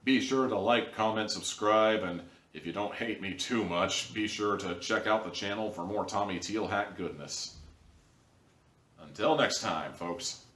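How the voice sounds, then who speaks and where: A man's voice: on the low side, measured pace, fairly bright tone, reverberant, distant mic. A man hosting a casual video review, rambling and wry in an easygoing way. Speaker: show host and reviewer.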